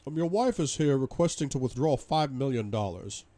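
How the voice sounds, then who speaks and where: A man's voice: medium pitch, expressive, normal speed, dark tone, pitched above the performer's own voice, close to an everyday voice. Man doing a polite, formal banker. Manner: courteous, formal phone manner. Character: polite, formal middle-aged male bank manager.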